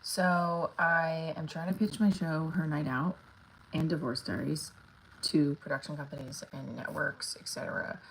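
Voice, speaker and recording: A woman's voice: low voice, fairly even intonation, measured pace, poor audio. A woman comedian chatting casually on a livestream, rambling with lots of fillers and talking to her viewers.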